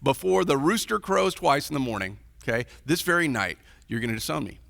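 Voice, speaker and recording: A pastor voicing a calm, knowing teacher. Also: male voice, medium pitch, brisk, creaky, pitched below the performer's own voice. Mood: matter-of-fact. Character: calm male teacher foretelling a betrayal.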